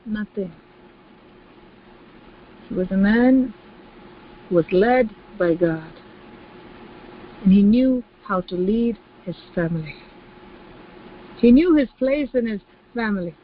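A woman's voice: medium pitch, lively intonation, a little slow, pauses often, slight background noise. Woman preacher, sermon delivery, emphatic and repetitive, acts out quoted voices; slightly dull recording.

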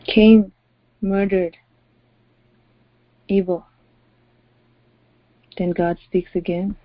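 A woman's voice: medium pitch, steady tone, drawn-out words, no room sound. A woman pastor preaching a sermon, stressing her points by repeating phrases. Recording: dry, dull lo-fi audio.

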